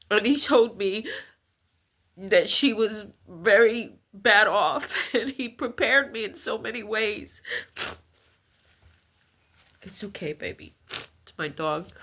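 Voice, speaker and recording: A middle-aged woman vlogger telling a personal story slowly and with heartfelt intensity. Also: medium pitch, pushed and bright. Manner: slow, heartfelt, intense retelling.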